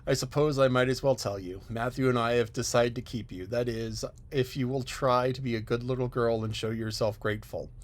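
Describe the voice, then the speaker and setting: A man's voice: mid-range voice, fairly even intonation, natural voice. A man playing a stern, curt spinster. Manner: curt, disapproving, brisk. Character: stern, unbending middle-aged spinster woman. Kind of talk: audiobook character voice.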